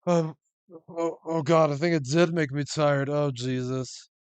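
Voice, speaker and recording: A man's voice: a little high, fairly even intonation, measured pace, darkish tone, clean tone, no room sound. A young adult man streaming a game, groaning and muttering exasperated remarks between reading lines. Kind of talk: casual let's-play commentary.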